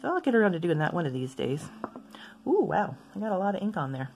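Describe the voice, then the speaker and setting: A woman with a fairly low voice that swings up and down a lot. She talks casually and rambles into side stories while gently poking fun at herself. Soft music plays faintly behind her. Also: very animated, fast talker. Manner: chatty, rambling, self-deprecating asides. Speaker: stationery vlogger. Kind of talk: casual chat while swatching inks.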